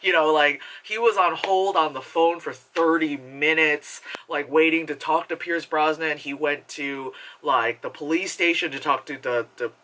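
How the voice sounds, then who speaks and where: A woman's voice: sits low, moderate pace, few pauses, fairly bright tone, slight background noise. A woman giving a casual, rambling movie review, full of filler words and swearing.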